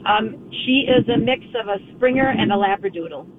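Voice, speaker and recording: A woman calling in to a radio show, explaining her problem in a hesitant, halting way over the phone. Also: on the high side. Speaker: caller. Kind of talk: phone-in question. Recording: tinny phone line, faint vehicle noise.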